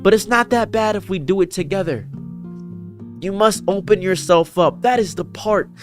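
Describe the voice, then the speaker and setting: A man's voice: high voice, normal speed. A man telling personal stories in an earnest, preachy monologue about kindness. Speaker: streamer and commentary creator. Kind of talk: reflective storytelling monologue. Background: faint guitar music.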